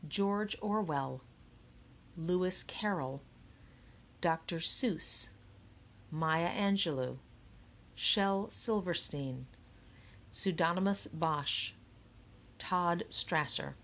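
A woman reads a children's novel aloud as an audiobook narrator. Her voice sits low, yet she narrates with animated, expressive swings of pitch. The delivery is scripted and storytelling.

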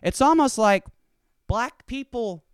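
In a slow, casual rant full of profanity, a man acts out the voices of everyone in his stories. His pitch sits a bit high and swings wildly as he gets worked up. His voice is smooth and clear, captured close-up and dry with no echo from the room.

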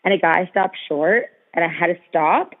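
A woman's voice: on the low side, moderate pace. A woman co-hosting a podcast, telling stories in casual chat and saying "like" constantly. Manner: animated storytelling, heavy use of "like". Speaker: podcast co-host. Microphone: call. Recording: tinny phone-line call.

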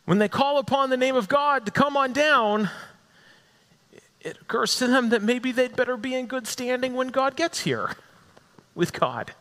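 A man's voice: very high-pitched, expressive, normal speed, fairly bright tone. A man preaching a sermon with a dramatic delivery full of repetition, rising and falling for emphasis. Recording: echoey hall with long reverb.

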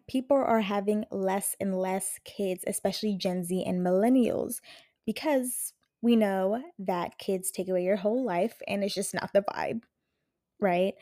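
A woman's voice: mid-range voice, warm tone, no echo, clean studio sound. A young woman hosting a podcast in casual chat, rambling, frank and profane. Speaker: podcast host.

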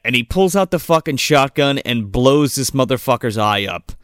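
Male co-host, wry and relaxed, profane casual movie chat, mid-pitched. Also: moderate pace, no echo, studio quality. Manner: laid-back, wry, profane. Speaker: podcast co-host.

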